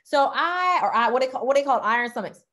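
Chatty Southern woman pitching wellness products. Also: fast. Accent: Southern American. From Louisiana, United States. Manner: excitable, chatty, lots of y'all and okay. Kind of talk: casual product talk to camera.

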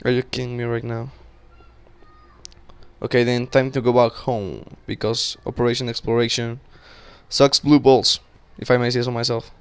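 A young man giving casual, excitable commentary while playing a game, swearing and talking to himself. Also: medium pitch, moderate pace, smooth. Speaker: gaming channel host.

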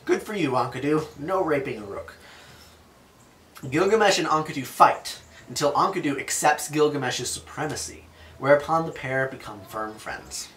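A man's voice: a little high, animated, moderate pace, a bit bright, reverberant. A man reading an ancient epic aloud and explaining it in a casual, chatty way with jokey asides.

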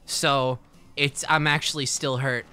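A woman's voice: rumbling low, fairly even intonation, a little slow, bright, forceful tone, smooth, soft background music, exaggerated voice. A woman voicing a heartbroken female pony adventurer in an over-the-top, melodramatic way. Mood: pained.

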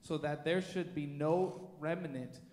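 A man's voice: fairly high pitch, fairly even intonation, a little mellow. Man reading scripture in echoey church. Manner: measured, formal reading. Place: church sanctuary.

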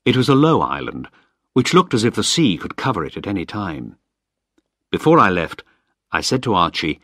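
Low-voiced man reading a story. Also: sing-song, moderate pace, a bit bright, no echo, studio quality. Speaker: narrator. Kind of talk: scripted story narration.

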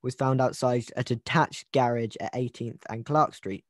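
A man's voice: medium pitch, fairly even intonation, moderate pace, no echo, studio quality. Man hosting a joking true-crime chat. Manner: joking, rambling with restarts. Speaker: podcast host. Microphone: video call.

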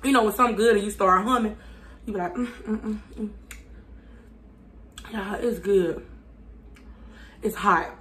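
A woman reviewing fast food on her channel. She chats casually with viewers, talks with her mouth full and hums between bites because the food is burning her mouth. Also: medium pitch, fairly bright tone. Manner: chatty, addresses viewers as y'all, hums while eating.

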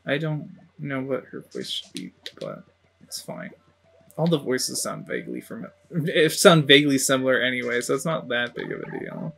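Laid-back game streamer, quiet asides. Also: medium pitch, huge pitch swings, normal speed, vocal fry, slightly rough. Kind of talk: casual let's-play commentary.

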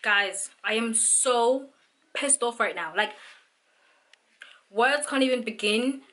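A woman's voice: a little high, takes it slowly, fairly bright tone. A young South African woman vlogging, ranting in an exasperated way with lots of fillers. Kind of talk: venting vlog monologue.

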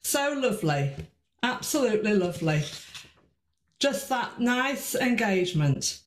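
A woman's voice: on the high side, very animated, unhurried, a little hiss or hum. Chatty woman presenter in an echoey room. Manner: warm, chatty, with restarts and sing-song stresses. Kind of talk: informal presentation to parents.

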